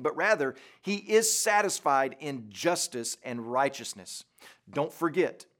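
Earnest preacher man, slightly high voice. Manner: earnest, deliberate preaching with emphatic pauses. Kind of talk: sermon.

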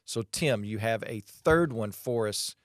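A man hosting a casual chat, upbeat and quick to affirm his guest. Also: lowish voice, expressive, dry recording, studio quality. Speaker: host.

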